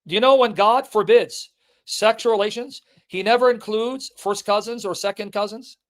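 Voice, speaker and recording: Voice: medium pitch, moderate pace. Insistent speaker lecturing his viewers. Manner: emphatic, repetitive, insistent, addressing the audience directly.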